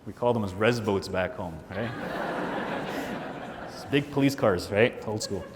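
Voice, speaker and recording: A man giving a motivational keynote, telling a personal story and acting out his friends' voices. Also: takes it slowly. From Canada. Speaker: keynote speaker. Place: large hall with audience. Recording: hall reverb, faint rumble.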